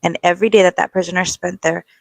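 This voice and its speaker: A woman's voice: fairly low pitch, fairly even intonation, fast, gravelly, no room sound. A woman speaking earnestly to camera in a social media commentary video.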